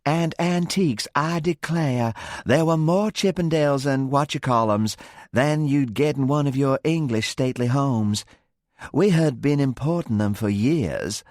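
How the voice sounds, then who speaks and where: A man's voice: mid-range voice, unhurried, darkish tone, no room sound, clean studio sound, voice pushed up, natural voice. A man voicing a genteel middle-aged woman with a Southern American accent and a lilting drawl.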